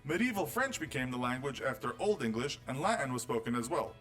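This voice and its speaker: A man's voice: medium pitch, very animated, brisk, fairly bright tone, poor audio. Male documentary narrator, scripted, wry tone, faint music behind. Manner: wry, teasing delivery of facts. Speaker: video narrator.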